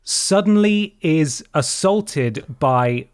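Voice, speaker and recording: A man hosting a podcast who tells a story in an animated way and swears a lot. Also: on the high side, very slow, smooth, no room sound, clean studio sound. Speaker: podcast host. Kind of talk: casual chat, storytelling.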